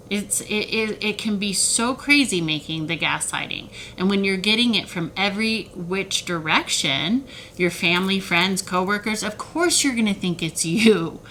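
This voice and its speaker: A woman talking straight to the camera about manipulation in a heated, animated way, sometimes mocking the voices of others. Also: mid-range voice, slight background noise, poor audio. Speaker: self-help video creator. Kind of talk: emotional direct-to-camera talk.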